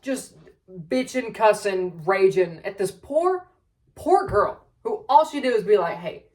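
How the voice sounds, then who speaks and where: Brief: young woman vlogger, exasperated profane rant, middle pitch, sits back from the mic. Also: expressive, a little slow, far from the mic, poor audio. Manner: heavy swearing, exasperated, rambling asides. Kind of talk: casual storytelling rant.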